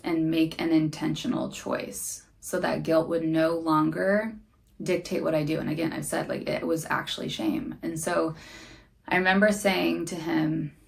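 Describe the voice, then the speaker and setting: Earnest woman with a gravelly low voice. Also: steady tone, moderate pace. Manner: earnest, faith-minded, candid about struggles. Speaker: podcast host. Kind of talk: personal reflective monologue.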